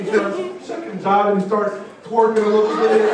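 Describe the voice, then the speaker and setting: High-voiced man giving an animated speech. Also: moderate pace, a crowd in the background, background noise. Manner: animated storytelling with audience call-outs. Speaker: motivational speaker. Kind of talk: live motivational speech. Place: large college event hall. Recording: echoey hall, distant mic.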